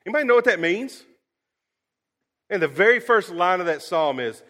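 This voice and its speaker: Folksy pastor, slightly high voice. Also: male voice, moderate pace, long pauses. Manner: folksy, storytelling, animated with sudden soft drops. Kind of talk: sermon.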